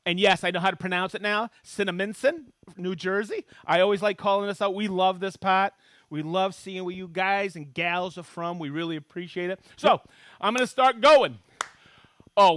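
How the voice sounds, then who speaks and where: Bright-voiced chatty man hosting a live demo. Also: sits high. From Maine, USA. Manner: chatty, jokey, reads out viewer locations with bursts of excitement. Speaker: livestream host demonstrating tools. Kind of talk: live-streamed tool demo and viewer shout-outs.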